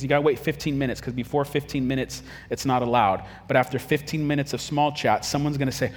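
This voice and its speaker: A man preaching a casual, humorous sermon, telling stories and acting out quick quoted voices. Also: mid-range voice, long reverb tail. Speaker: pastor.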